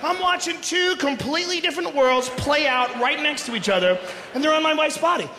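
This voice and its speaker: A man doing a loud, profane stand-up routine in front of a live audience, often breaking into shouts. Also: very high voice, brisk. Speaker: stand-up comedian. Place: large concert hall, live audience. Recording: echoey live hall recording with noise.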